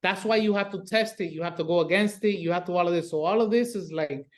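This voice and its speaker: A man's voice: high-pitched, quick pace. A man from South Florida, a paranormal investigator guest, telling stories in casual podcast chat, swearing freely and acting out reactions. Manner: animated storyteller, swears freely, acts out reactions.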